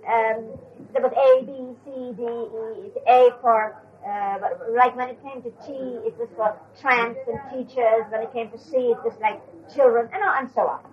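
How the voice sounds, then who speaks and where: A woman's voice: a little high, fairly even intonation, moderate pace. An older woman retelling an anecdote from memory, hesitant with fillers, on a dull lo-fi recording. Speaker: storyteller.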